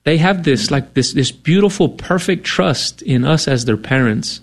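A man's voice: on the high side, lively intonation, normal speed. A middle-aged man co-hosting a radio fundraising appeal, talking earnestly and conversationally with many fillers. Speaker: radio co-host.

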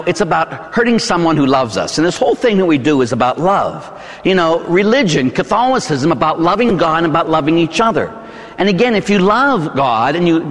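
A middle-aged man with a Pittsburgh accent delivers a sermon as a Catholic priest, his voice rising and falling in a lively, animated way. He preaches conversationally and keeps checking in with the congregation through quick tag questions. His words ring out with the long reverb of a large church. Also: on the high side.

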